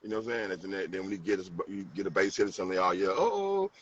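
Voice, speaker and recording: Animated St. Louis man, distant and muffled. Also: deep voice, racing, crowd noise. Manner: animated, repeats phrases, acts out quotes. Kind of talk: casual debate. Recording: distant mic, dull sound, faint room noise.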